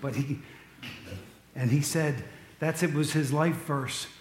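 A man's voice: a little high, fairly even intonation, slow pace, echoey room. A man preaching a casual sermon, talking conversationally with joking asides to his congregation. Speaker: pastor.

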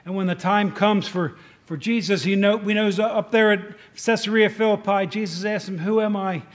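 A male preacher gives an informal, chatty sermon, asking the congregation questions and often restarting his sentences. His high voice has a steady tone at a moderate pace, and rain falls on the tin roof of the room.

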